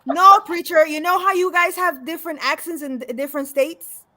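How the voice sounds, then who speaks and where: A woman's voice: extremely high pitch, steady tone, normal speed, bright, forceful tone. A woman from El Salvador chatting as co-host on a call-in show, insistent and laughing. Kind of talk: casual radio chat.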